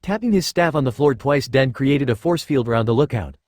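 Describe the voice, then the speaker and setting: Männlicher Erzähler, trocken aufgenommen. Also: male voice, medium pitch, expressive, fast talker, few pauses, a little mellow, no echo, studio quality. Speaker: narrator. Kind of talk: reading fan fiction aloud.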